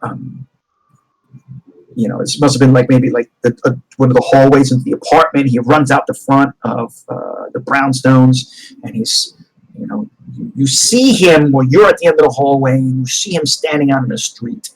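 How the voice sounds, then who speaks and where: A man's voice: mid-range voice, normal speed, low-quality recording. A man narrating a tabletop game as game master, rambling with restarts. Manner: rambling, many fillers and restarts.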